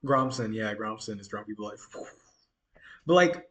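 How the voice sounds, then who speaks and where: A man's voice: on the low side, lively intonation, moderate pace, a bit bright. A man narrating a tabletop game as game master, casual and giggly with many fillers.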